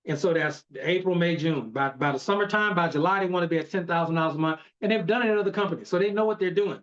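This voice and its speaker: A man's voice: a little high, fast talker, fairly bright tone, highs cut off. A man leading a motivational team training over a video call, coaching in an emphatic, repetitive way. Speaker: network marketing team leader.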